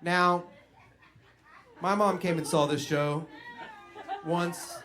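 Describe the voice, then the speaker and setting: A young man doing stand-up, telling a story in an animated way and acting out the voices of other people. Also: high-pitched, very slow, very noisy. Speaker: stand-up comedian.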